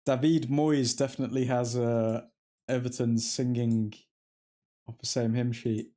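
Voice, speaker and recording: A man's voice: mid-range voice, flat delivery, unhurried, dark tone. Man, fan commentary over a live match, chatty, talks straight to viewers, mid-range voice. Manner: chatty, reacting to play as it happens, talking to viewers. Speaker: host of a live football watchalong.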